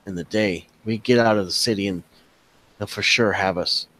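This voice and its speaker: A man voicing a grave, steady husband who calms his frightened wife. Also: on the low side, moderate pace, close to an everyday voice, low-quality recording.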